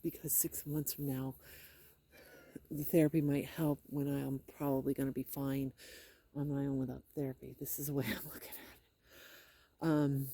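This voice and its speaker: Middle-aged woman vlogger, hoarse and husky, halting delivery with many fillers, dark gravelly tone. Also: a bass voice, flat delivery. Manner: hesitant, rambling, many fillers. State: hoarse, sore throat. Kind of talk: casual personal video diary.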